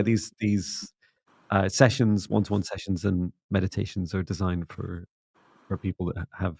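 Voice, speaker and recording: A middle-aged man hosting a spiritual livestream, talking in a soft, gently meditative way. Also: deep voice, gravelly, dry recording, studio quality. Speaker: psychic mentor and livestream host. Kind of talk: casual livestream chat and guided closing.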